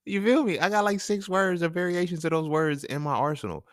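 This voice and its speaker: A man hosts his own talk show podcast, delivering a casual, profane monologue packed with slang and laughter. His voice is high-pitched and a little fast, recorded cleanly in a studio with no echo.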